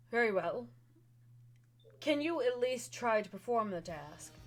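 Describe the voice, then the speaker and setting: A woman voicing an imperious elder female vampire who speaks in a haughty, commanding way. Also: a little high.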